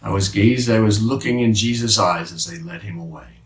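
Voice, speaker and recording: A man playing the apostle Peter as a remorseful fisherman, confessing haltingly in a dramatic monologue with many restarts. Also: on the low side, lively intonation. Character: remorseful male fisherman apostle, middle-aged, haunted by guilt. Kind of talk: dramatic first-person monologue. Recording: roomy sound from a distant mic.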